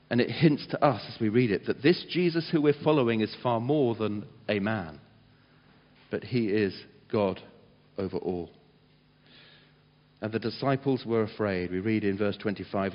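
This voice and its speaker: Guy preaching, lively storytelling, dull muffled sound, long echo in a big hall. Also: fairly low pitch. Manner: animated storyteller, dramatizes quotes loudly. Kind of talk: sermon.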